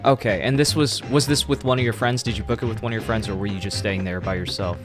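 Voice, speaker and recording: A man conducting an interview, asking measured, probing questions. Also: fairly low pitch, steady tone, music in the background.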